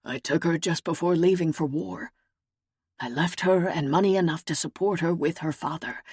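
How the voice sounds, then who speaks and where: A man's voice: on the high side, normal speed, slightly rough, no echo, clean studio sound. A woman narrator voicing an earnest male knight who is searching for his lost wife, speaking in a grave, formal, pleading way. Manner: grave, pleading, formal old-fashioned speech.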